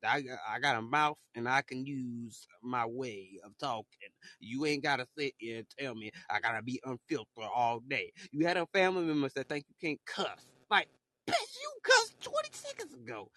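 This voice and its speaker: A man's voice: on the high side, fairly bright tone. A man ranting in a casual, profane monologue, repeating words and shifting his voice a lot as he goes. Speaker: podcaster. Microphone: solo voice message.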